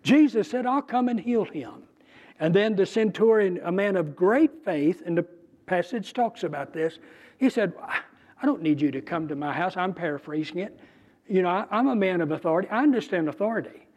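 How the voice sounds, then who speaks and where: Man, bible teacher, high-pitched, conversational, emphatic. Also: animated, a little mellow. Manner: conversational, emphatic, with pauses and restarts. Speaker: preacher.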